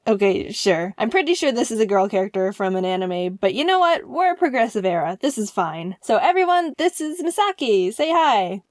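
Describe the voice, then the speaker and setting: A young adult woman narrating a comedic storytime in an animated, playful, jokey way. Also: mid-range voice, brisk, few pauses, dry recording, studio quality.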